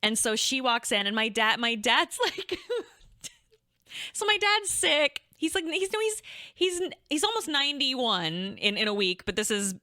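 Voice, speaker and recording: A woman's voice: a little high, very animated, a little slow, bright, forceful tone, dry recording, studio quality. A young woman co-hosting a podcast, telling a story casually and rambling, full of "like" and restarts. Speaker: podcast co-host.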